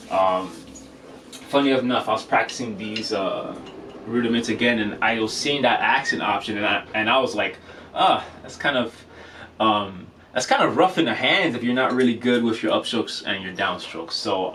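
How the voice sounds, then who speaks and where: A man giving a casual drum lesson, relaxed and chatty, with many fillers and frequent checks of "okay?". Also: mid-range voice. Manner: relaxed, filler-heavy, says "okay?" often. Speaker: drum teacher. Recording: distant mic with faint noise.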